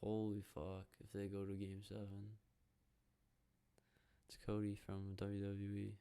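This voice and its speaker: Gravelly low-voiced young man ranting. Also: completely flat delivery, measured pace. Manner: profane, rambling, jokey, reacts out loud to the game. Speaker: podcast host. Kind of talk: casual solo podcast rambling while watching hockey.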